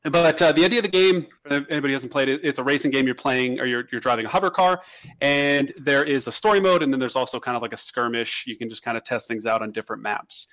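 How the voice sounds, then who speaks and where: A man's voice: medium pitch, quick pace, a bit bright. A man co-hosting a casual podcast, talking at length in a rambling way with many restarts. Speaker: podcast co-host. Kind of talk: casual chat.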